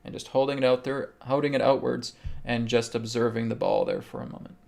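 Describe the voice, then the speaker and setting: A man hosting a live show, calmly guiding a healing meditation and answering viewers' questions, often checking in with "okay". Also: medium pitch, fairly quick, creaky. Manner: calm, instructive, repeats okay. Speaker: host and spiritual healer.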